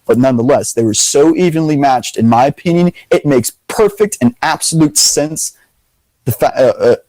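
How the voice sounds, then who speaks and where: A young man hosting a casual debate, talking in an animated, emphatic way and leaning on the word "literally". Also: on the high side, normal speed, dry recording, poor audio. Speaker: video host.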